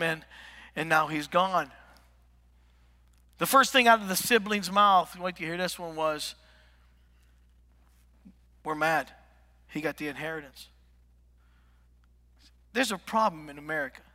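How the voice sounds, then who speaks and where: A middle-aged male preacher tells joking stories and keeps prodding his congregation to respond. His voice sits high and sounds sharp and bright. Long reverb from the church sanctuary trails after his words. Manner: animated, joking, talks to the congregation. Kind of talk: humorous storytelling sermon.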